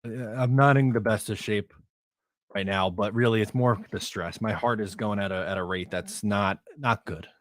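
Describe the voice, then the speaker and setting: A man hosting a live stream, chatting casually and bluntly, excitable and a bit out of breath. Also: fairly low pitch, normal speed, no room sound. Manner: excitable, blunt, reacts to chat.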